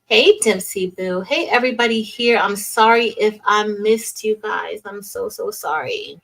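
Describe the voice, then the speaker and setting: A woman's voice: mid-range voice, a little slow, vocal fry, fairly bright tone, rough recording. A young woman hosting a casual craft livestream, chatting loosely, trailing off and restarting sentences as she greets viewers by name.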